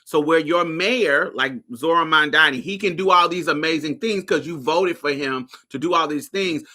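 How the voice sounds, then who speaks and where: His pitch runs fairly high and his tone is sharp. The man, a podcast host from Indianapolis, USA, offers loose, profane livestream commentary and keeps asking if listeners are following.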